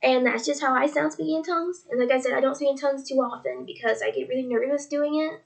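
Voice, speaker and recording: A woman's voice: sits high, fairly even intonation, fast talker, creaky. A seventeen-year-old girl talking earnestly in a faith vlog, rambling and tearful, often quoting with "he's like". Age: teens. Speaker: religious vlogger.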